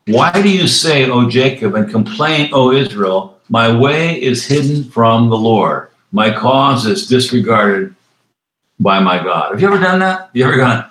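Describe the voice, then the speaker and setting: A pastor preaching a sermon. He reads scripture slowly and breaks into quick, conversational asides. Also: mid-range voice, lively intonation, a bit bright. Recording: roomy echo.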